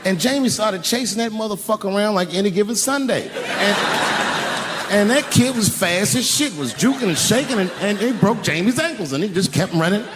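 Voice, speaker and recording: A man doing stand-up, telling a story in a lively, profane way and acting out the people in it, recorded live on an arena stage. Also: high voice, a little fast. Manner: animated, profane, acts out voices. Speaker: stand-up comedian. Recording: live arena recording with long reverb and crowd noise.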